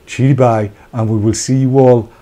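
A man's voice: mid-range voice, moderate pace. A man co-hosting a live-streamed talk show, chatty and joking with asides. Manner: jokey, chatty, animated asides. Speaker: co-host of a vaping talk show. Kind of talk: casual live-stream chat.

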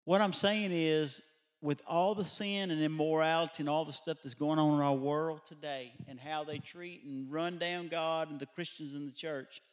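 A man's voice: on the high side, steady tone, normal speed. A man preaching at a midweek church Bible study, his voice sitting a little above the usual male range. He tells his story in a loose, conversational way, with fillers and restarts. He often checks in with his congregation through rhetorical questions. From Louisiana. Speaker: pastor. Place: church sanctuary.

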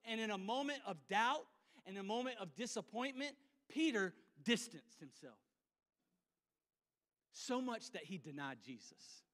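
A man preaching in a church sanctuary, his high, bright voice ringing with a long reverb. He acts out a scripture scene with volunteers, jumping between loud, animated lines and quiet, hushed ones. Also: a little slow. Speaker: pastor. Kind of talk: sermon.

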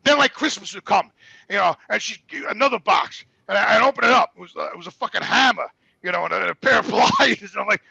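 A middle-aged man with a strikingly high, gravelly voice speaks in a bright, tense tone. He tells his story candidly and profanely, stumbling over repeated words and acting out quoted lines. The sound is close and dry. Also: lively intonation, quick pace, no room sound, muffled recording. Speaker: guest.

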